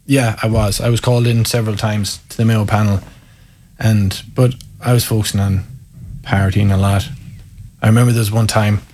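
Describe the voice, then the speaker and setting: A man's voice: lowish voice, flat delivery, normal speed, a little mellow. A man with an Irish accent, a former Gaelic footballer telling wry, candid stories in an interview. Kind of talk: casual storytelling interview.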